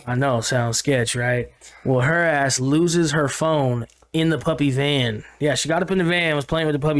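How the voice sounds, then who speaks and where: A man co-hosting a podcast, telling a story in a casual, animated and profane way, full of slang. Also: mid-range voice. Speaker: podcast co-host.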